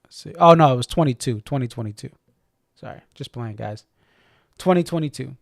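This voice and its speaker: A man's voice: medium pitch, animated, brisk, vocal fry, no room sound, clean studio sound. A man with a faint Boston accent, rambling and correcting himself as he hosts a casual live-stream chat. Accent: slight Boston. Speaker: stream host.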